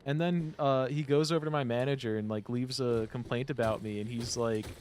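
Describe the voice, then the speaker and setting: A man's voice: medium pitch, steady tone, a little fast, a little mellow, slight background noise. A young man streaming a game, telling stories in a rambling, profane way, full of "like". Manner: rambling, profane, heavy use of "like". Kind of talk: casual storytelling while playing a game.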